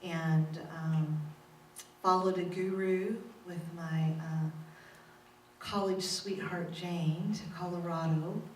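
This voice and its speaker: Speaking slowly in a fairly low, slightly mellow voice with fairly even intonation, a middle-aged minister gives a frank testimony sermon full of self-mockery and frequent laughter. Captured from a distance in a church sanctuary, the audio has a roomy echo and faint noise.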